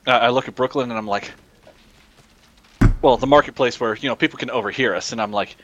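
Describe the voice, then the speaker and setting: A man playing a tabletop game, talking in a halting way that repeats words. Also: mid-range voice, fairly bright tone. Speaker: player. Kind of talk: tabletop game role-play.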